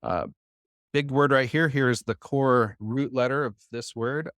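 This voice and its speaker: Male teacher, mid-pitched, patient, quizzes the room, dry close sound. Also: moderate pace, dry recording. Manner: patient, quizzes the class, many "uh" fillers. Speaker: Bible Hebrew teacher. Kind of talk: live classroom lesson. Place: church class room.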